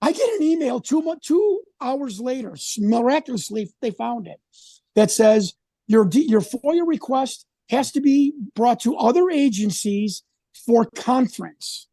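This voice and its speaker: A man's voice: very high voice, expressive, unhurried, warm tone, dry recording. A man talking as an interview guest, rambling and indignant as he tells his story. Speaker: independent researcher, guest. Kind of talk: casual interview conversation.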